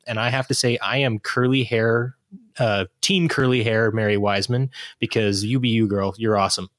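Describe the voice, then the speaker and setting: A man's voice: fairly low pitch, fairly bright tone, no room sound, clean studio sound. A man appearing as a guest on a casual podcast discussion, chatty and effusive.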